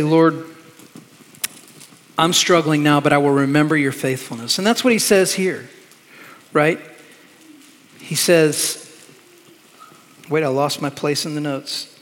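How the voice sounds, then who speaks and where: Earnest preacher in a reverberant hall. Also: male voice, on the high side. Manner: earnest, emphatic, slows down to stress words. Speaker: pastor. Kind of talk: sermon. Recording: long reverb of a large hall.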